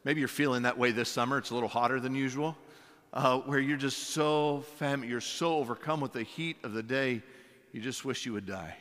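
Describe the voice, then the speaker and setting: A man's voice: mid-range voice, moderate pace, a bit bright. A man preaching a sermon as pastor, emphatic, with many rhetorical questions and repeated words. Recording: long hall reverb.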